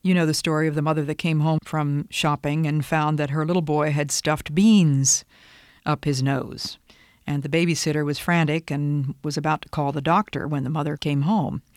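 Measured, earnest older grandmother giving advice. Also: low voice, steady tone, dry recording, studio quality. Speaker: parenting advice speaker. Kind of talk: instructive talk.

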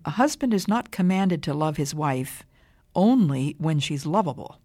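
An older woman giving a scripted radio Bible talk in a measured, emphatic way. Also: lowish voice, a little mellow, dry recording. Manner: measured, deliberate, emphatic delivery.

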